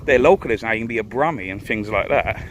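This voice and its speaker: A man's voice: lowish voice, quick pace, a little hiss or hum. A man, talking bluntly and argumentatively in a casual monologue, often tagging "right?" onto his points. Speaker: live streamer. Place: in a van.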